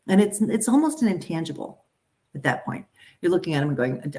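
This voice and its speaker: A middle-aged woman who works as a talent agent speaks casually and animatedly to a group in a live setting. Her mid-range voice moves a little fast, and she's chatty, with frequent restarts and asides.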